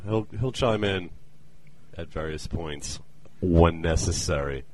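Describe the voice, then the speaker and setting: A man's voice: low voice, darkish tone. A man hosting a casual podcast, playful and jokey, talking with a co-host over a call. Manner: playful, jokey, with quick put-on voices. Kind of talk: casual chat. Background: skype call with co-host.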